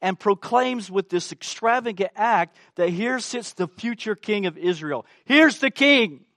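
High-pitched guy preaching slow, big emphatic sermon, lots of "right?" to the crowd, dry sound. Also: dry recording. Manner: emphatic, rhetorical questions to the congregation.

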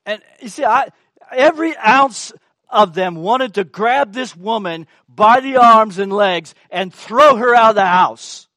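A man's voice: high voice, lively intonation, unhurried, sharp tone, dry recording. A man preaching a sermon, emphatic and asking the congregation rhetorical questions.

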